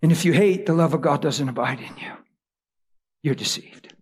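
Husky preacher swinging from whisper to shout. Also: male voice, fairly high pitch, normal speed. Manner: dramatic storytelling, whispers then shouts. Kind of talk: sermon.

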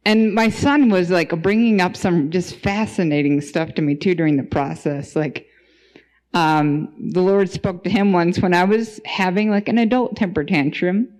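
A woman's voice: lowish voice, moderate pace, darkish tone. A woman who is a podcast guest, giving a casual spoken testimony and thinking aloud as she goes, with frequent restarts.

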